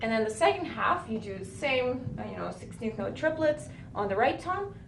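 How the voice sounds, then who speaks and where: A woman's voice: a little high, sing-song, normal speed, vocal fry, heavy background noise. Woman drum teacher in an echoey room. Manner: counts beats aloud, says "right?" often. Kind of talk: recorded drum lesson for a student. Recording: roomy with drums playing.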